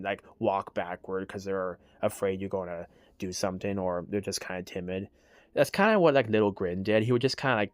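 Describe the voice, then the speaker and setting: A man's voice: lowish voice, no echo, studio quality. A man casually explaining his characters' story, hesitant and full of restarts. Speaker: creator telling his character lore.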